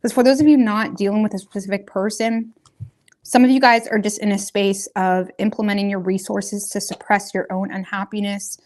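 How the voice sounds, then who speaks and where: A woman's voice: medium pitch, steady tone, normal speed, darkish tone. A woman giving a casual tarot reading, talking straight to her viewers in a loose, rambling, colloquial way. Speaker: tarot reader.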